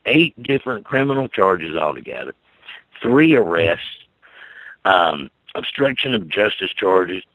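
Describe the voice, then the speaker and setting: A man speaking as a guest on a talk show, giving urgent, forceful warnings and telling his story with energy. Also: deep voice, no room sound, rough recording. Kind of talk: impassioned talk radio guest.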